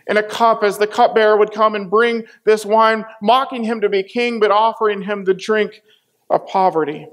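High-voiced man preaching a dramatic retelling. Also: fairly even intonation, moderate pace, fairly bright tone. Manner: dramatic, acts out the quoted voices. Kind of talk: sermon retelling scripture.

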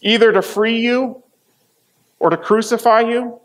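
A man's voice: very high voice, unhurried, voice pushed up. A man voicing an anxious Roman governor who presses with insistent questions in a sermon retelling. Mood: pressing.

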